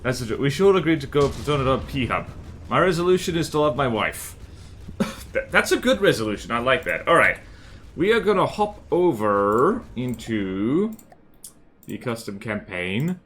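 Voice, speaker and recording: Lively Australian man streaming. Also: medium pitch, faint music behind. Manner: chatty, jokey, quick to laugh. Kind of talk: casual live-stream chat over gameplay.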